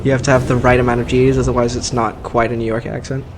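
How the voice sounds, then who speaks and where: A man's voice: mid-range voice, level tone, fast, background noise. Dry-humored man narrating a video game. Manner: dry, joking, rambling asides. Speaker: let's play host. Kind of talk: casual gameplay commentary.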